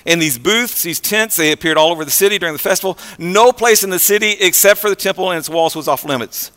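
A man preaching a sermon in a conversational, animated way, with frequent fillers and restarts. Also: sits high, fast, big-room sound.

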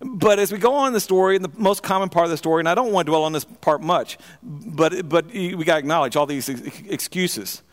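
A man preaching a sermon in a church, often repeating words and restarting, moving between quiet and emphatic passages. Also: on the high side, brisk. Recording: long reverb of a hall.

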